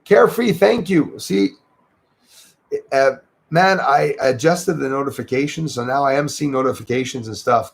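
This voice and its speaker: Gravelly Quebec man chatting on livestream. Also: mid-range voice. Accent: Québécois French. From Quebec, Canada. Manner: chatty, thanks viewers by name, lots of fillers. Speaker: livestream host. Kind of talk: casual livestream chat reading comments.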